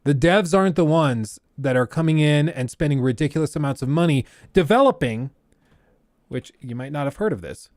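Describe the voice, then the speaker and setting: A man's voice: a little high, animated, fairly quick, darkish tone, no echo, studio quality. A man hosting a livestream, giving blunt, ranting commentary in a casual way. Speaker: livestream host.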